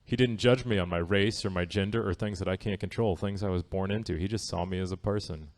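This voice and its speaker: On a theatre stage, a man with a low voice runs through a stand-up set, talking fast with a fairly even intonation. His style is loose, wry and conversational, and he keeps checking in with the crowd by asking "right?"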